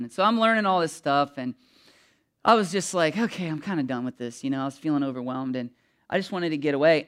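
A man's voice: a little high, a bit bright, smooth. A man preaching a sermon in a candid, conversational way, full of asides and fillers, who gets emotional as he speaks. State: emotional, voice catching. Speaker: pastor.

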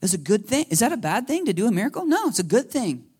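A man preaching a sermon as a pastor, telling stories with lively energy and acting out conversations with God. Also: sits high, fast talker, husky. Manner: animated storytelling, acting out dialogue with God. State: a little emotional.

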